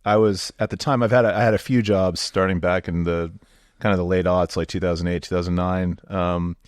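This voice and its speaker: A man in his forties from Southern California, a nonprofit director telling stories in a relaxed podcast conversation, with plenty of fillers. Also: deep voice, a little fast, dry recording, studio quality. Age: 40s. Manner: relaxed storytelling, lots of fillers. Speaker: guest, nonprofit executive director.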